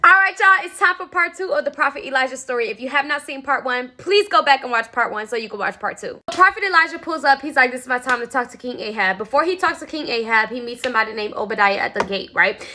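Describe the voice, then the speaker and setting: A young woman tells a Bible story in casual, slang-filled chat. Her voice sits high and bright, with a sharp, forceful edge. It sounds like a phone recording. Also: fast, hardly any pauses, slight background noise. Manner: lively, slangy, chatty retelling. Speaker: Christian content creator.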